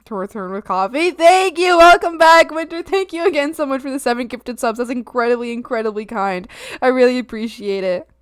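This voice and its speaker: A woman streamer chatting casually while she draws, playful and excitable, breaking into silly bits and bursts of shouting. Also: high-pitched, brisk, clear, resonant tone, no room sound, studio quality. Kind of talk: casual livestream chat while drawing.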